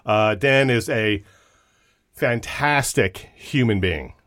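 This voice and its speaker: A man's voice: on the low side, slow pace, a bit bright. A man co-hosting a podcast, chatting in a jokey, enthusiastic way. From United States. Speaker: podcast co-host. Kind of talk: casual chat.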